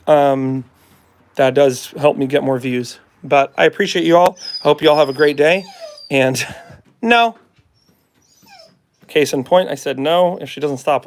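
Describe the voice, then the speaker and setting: A man's voice: a little high, moderate pace. Chatty man explaining dog training. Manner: chatty, talks to the viewers and coaxes the dog. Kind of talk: casual live training demo. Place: at home with a dog, partly in the yard.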